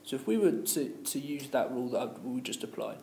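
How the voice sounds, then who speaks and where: A man's voice: medium pitch, sing-song, fairly quick, gravelly, warm tone. Man, teacher, patient explaining, roomy echo, faint hiss. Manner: patient, explaining, with many fillers and restarts. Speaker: language teacher. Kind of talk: classroom lesson. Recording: echoey room with faint noise.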